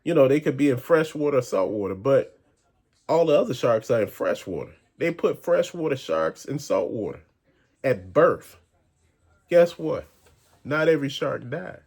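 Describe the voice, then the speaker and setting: A man's voice: medium pitch, big pitch swings, moderate pace, darkish tone, husky. A man hosting a rambling conspiracy-theory rant, talking in an emphatic, slangy way. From American South. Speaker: channel host.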